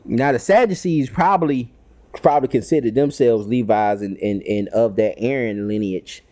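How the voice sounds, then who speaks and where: A man's voice: medium pitch, moderate pace, mellow. A man leading a casual Bible study, talking in a loose, rambling way with many fillers.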